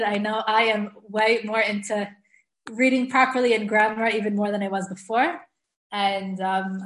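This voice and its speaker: A woman's voice: medium pitch, roomy sound. A woman teaching an online class, chatty and enthusiastic, often laughing and restarting her sentences. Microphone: video call.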